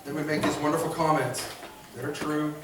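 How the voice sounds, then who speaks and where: A man preaching a sermon as pastor, animated, acting out voices and calling on the congregation to respond. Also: on the high side, brisk, far from the mic, heavy background noise. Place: church sanctuary. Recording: echoey church hall, miked from afar.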